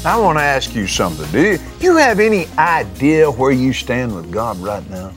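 Fervent preacher, lively and excitable. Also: male voice, medium pitch, normal speed, hardly any pauses, faint music behind. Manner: fervent and exclamatory, with sudden excited jumps. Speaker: preacher and TV show host. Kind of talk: testimony-style preaching in conversation.

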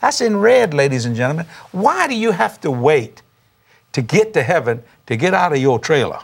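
A man, a pastor telling a testimony story with animated, laughing preacher emphasis. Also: on the high side, normal speed, gravelly, breathy edge. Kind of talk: storytelling testimony on a talk show.

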